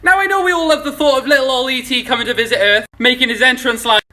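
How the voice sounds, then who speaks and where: Guy with a high bright voice doing sweary comedy science rants, yells the punchlines. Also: quick pace. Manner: excitable, sweary, sudden shouted punchlines. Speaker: social media creator. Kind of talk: comic science commentary.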